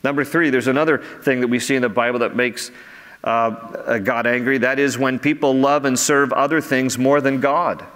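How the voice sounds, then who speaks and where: A man's voice: mid-range voice, steady tone, normal speed, fairly bright tone, long reverb tail. A man, preaching earnestly as a pastor and rising in emphasis on key phrases. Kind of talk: sermon. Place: church sanctuary.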